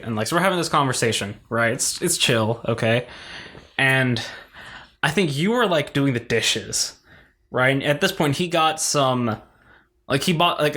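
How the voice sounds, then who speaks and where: A young man co-hosts a relaxed podcast conversation. He rambles through his stories, piling up filler words and checking in with his listener. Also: medium pitch. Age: young adult. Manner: rambling, filler-heavy, keeps saying "like" and "right". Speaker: podcast co-host. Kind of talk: casual chat.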